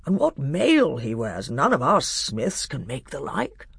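A man voicing a sly, cautious Telmarine lord in an audiobook, speaking in a measured, gravelly way. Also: mid-range voice, huge pitch swings, a bit bright, no room sound, studio quality, heavily acted. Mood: appraising. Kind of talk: audiobook character voice.

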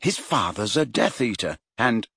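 A stubborn, earnest teenage boy, as a man reads him, pushing his point with lively rises and falls. the voice is husky and dry. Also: fairly low pitch, unhurried, no room sound, heavily acted. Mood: insistent. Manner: insistent, earnest.

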